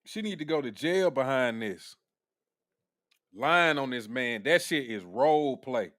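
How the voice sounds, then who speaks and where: A man's voice: mid-range voice, lively intonation, measured pace, a bit bright, no echo, clean studio sound. A man hosting a casual reaction commentary, blunt and profane, laughing often. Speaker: commentary host.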